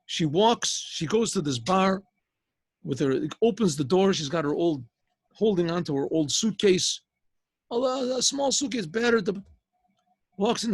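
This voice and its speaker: A man, a rabbi, telling a story in a loose, casual way, with restarts and frequent throat clearing. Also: on the high side, animated, a little slow, no room sound. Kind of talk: storytelling lesson.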